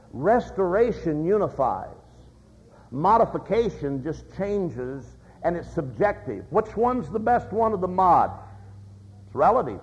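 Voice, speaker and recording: In a dull lo-fi recording, an older man delivers a sermon, telling folksy anecdotes and voicing the people in them. His voice is high and a little mellow.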